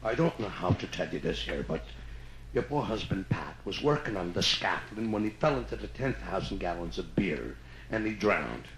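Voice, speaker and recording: A man voicing a slow Irish workman who breaks sad news in a low, hushed brogue, recorded live in an echoey room with crowd noise. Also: big pitch swings. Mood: solemn.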